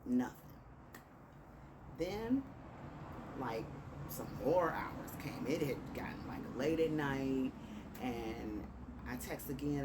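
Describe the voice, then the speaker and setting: A woman from Chicago with a Chicago accent, casually telling a dating story and acting out both sides of the texts. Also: extremely low pitch. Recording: distant mic with clear background noise.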